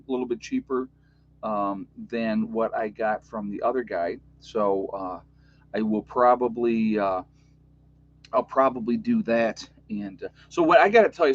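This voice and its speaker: A man's voice: medium pitch, muffled recording. An overtired man in his fifties with a New York accent, rambling in a chatty, joking way as he hosts a casual livestream for his channel. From United States. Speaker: YouTube channel host.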